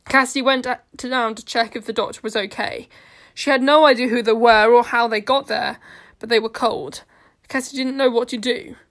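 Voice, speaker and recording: A woman narrating a fan-made audio story in a steady, earnest reading. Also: sits high.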